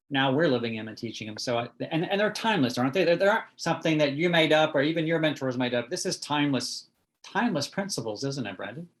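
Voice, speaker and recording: A man interviewing a guest, agreeing with him and asking tag questions. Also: mid-range voice. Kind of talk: interview chat.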